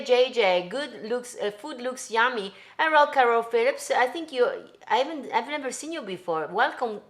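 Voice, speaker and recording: An Italian woman with an Italian accent, hosting a live-streamed cooking show from her home kitchen, chatting and greeting viewers by name in loose English. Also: mid-range voice. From Italy. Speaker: host.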